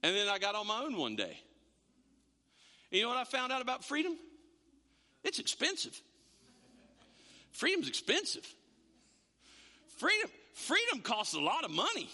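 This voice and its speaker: A man preaching a sermon as pastor, animated, repeating words and acting out quotes. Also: very high voice, moderate pace, long pauses. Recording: long hall reverb.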